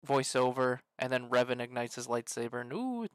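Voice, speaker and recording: A man's voice: mid-range voice, monotone, brisk, clear, resonant tone, no room sound. A man co-hosting a casual podcast chat, joking and reading out listener questions. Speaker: podcast co-host.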